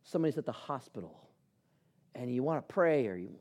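A man's voice: medium pitch, brisk. A man preaching a sermon, telling personal stories and acting out the dialogue in them. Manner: animated storyteller acting out dialogue. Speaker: pastor.

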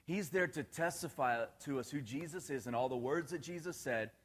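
A man preaching a relaxed, conversational sermon, often checking in with his listeners and laughing at his own jokes. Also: on the high side, moderate pace, breathy edge. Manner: casual, asks the congregation questions, laughs at his own jokes.

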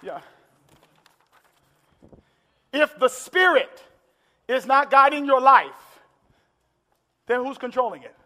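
A man preaching a sermon in a church, building to impassioned shouted climaxes. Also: extremely high pitch, lively intonation, measured pace. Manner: impassioned, shouting climaxes with call-and-response urgency. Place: large church hall with congregation. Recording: echoey church hall with crowd.

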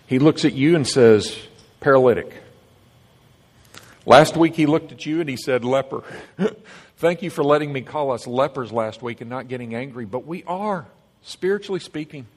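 A man's voice: medium pitch, moderate pace. Earnest preaching man in echoing hall. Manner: earnest, emphatic preaching with swings between loud and hushed. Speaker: pastor. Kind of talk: sermon. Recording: long reverb of a large hall.

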